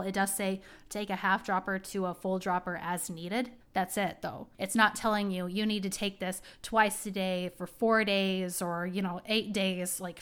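Woman host, casual rambling chat, heartfelt and talkative, mid-pitched. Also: fairly bright tone, smooth. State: tearing up. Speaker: podcast host. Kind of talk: casual personal talk.

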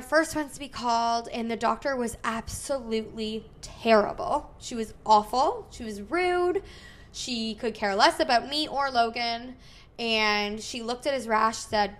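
Animated woman telling a story. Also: on the high side. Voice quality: frequent "like" fillers, animated retelling with quoted dialogue. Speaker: podcast host. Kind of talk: casual storytelling chat.

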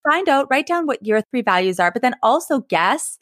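A woman's voice: fairly high pitch, big pitch swings, brisk, a bit bright, no room sound, studio quality. A woman hosting a podcast, chatting enthusiastically with her guest. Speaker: podcast host. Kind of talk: casual chat.

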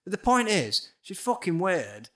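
A bright, lively man chatting casually on a podcast. He tells a spooky story with plenty of swearing and laughter, and his pitch moves around a lot. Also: unhurried. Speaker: guest musician.

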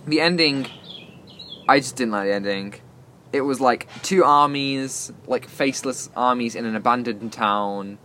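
Teasing male co-host, mid pitch, faint room noise. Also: measured pace, bright, forceful tone. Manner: wry, teasing. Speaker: podcast co-host. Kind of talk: casual chat.

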